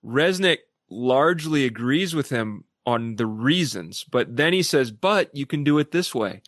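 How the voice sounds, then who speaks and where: A man who is a podcast guest, telling stories animatedly and acting out quoted people in lively voices. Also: mid-range voice, a little slow, no room sound, clean studio sound. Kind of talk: casual discussion.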